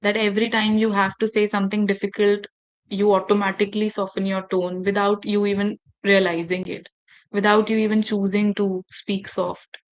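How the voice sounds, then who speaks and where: Woman workshop trainer on a video call; engaging, asks the group questions, mid pitch. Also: flat delivery, moderate pace, muffled recording. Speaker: faculty development trainer. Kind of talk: online training session.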